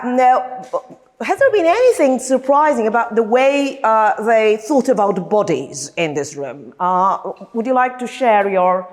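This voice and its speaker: A woman with a Polish accent guides a workshop, her pitch rising and falling in lively swings. She hesitates often and restarts her sentences. Her voice carries a long reverb from a large hall. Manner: hesitant, many fillers and restarts, warm laughter. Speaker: lecturer leading a workshop. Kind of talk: workshop instruction.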